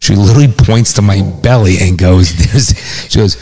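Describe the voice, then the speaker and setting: A middle-aged man co-hosting a casual chat, telling stories in a profane, animated way. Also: low voice, brisk.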